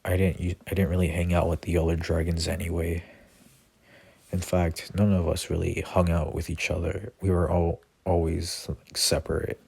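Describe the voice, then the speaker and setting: A man voicing a lonely ancient male dragon who speaks calmly and matter-of-factly. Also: sits low, normal speed, creaky, slightly rough, full character voice. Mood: solemn. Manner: calm, matter-of-fact.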